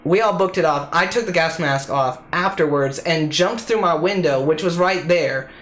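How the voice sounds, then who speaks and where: A man's voice: on the high side, moderate pace, a bit bright. Laid-back young man telling a story. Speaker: podcast guest storyteller. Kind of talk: casual anecdote telling.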